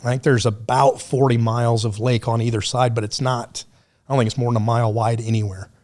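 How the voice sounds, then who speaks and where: A man of middling pitch talks into a podcast mic, relaxed and unhurried as he spins stories. His manner is blunt and salted with swearing. It sounds like casual chat between friends. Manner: blunt, profane, laid-back storyteller. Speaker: podcast guest.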